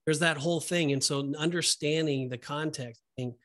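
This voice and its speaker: A man's voice: on the high side, fairly even intonation, normal speed, a bit bright. Earnest man discussing scripture. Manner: earnest, preachy, with many fillers and restarts. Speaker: podcast co-host. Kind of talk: casual Bible discussion.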